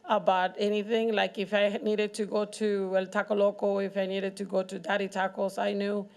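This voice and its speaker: A middle-aged woman who owns a local restaurant gives personal testimony at a community forum. Her voice has a gravelly edge at an ordinary pitch. She speaks haltingly, pausing and restarting her sentences. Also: flat delivery. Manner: halting, with many pauses and restarts.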